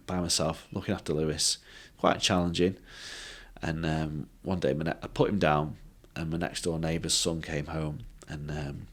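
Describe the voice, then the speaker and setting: Deep-voiced man. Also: fairly bright tone, slightly rough. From England. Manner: halting, with many fillers and restarts. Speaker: podcast guest. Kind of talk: personal storytelling.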